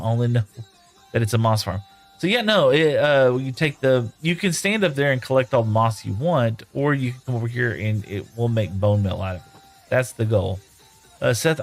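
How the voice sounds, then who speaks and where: A man streaming a video game live from home, chatting casually and rambling as he reads viewer messages aloud and answers them. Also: mid-range voice. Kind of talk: casual live-stream chat while playing. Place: home room.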